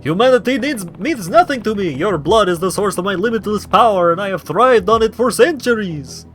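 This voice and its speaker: A man's voice: lively intonation, fairly bright tone, soft background music. A man hamming up a grandiose immortal vampire. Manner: slow, booming, overly dramatic delivery. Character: theatrical immortal male vampire, grandiose and menacing. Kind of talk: reading game dialogue aloud.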